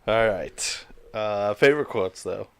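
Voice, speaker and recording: A man co-hosting a podcast who chats casually about a film, asks quick questions and laughs often. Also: lowish voice, vocal fry, clean tone. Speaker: podcast co-host. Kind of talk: casual movie review chat.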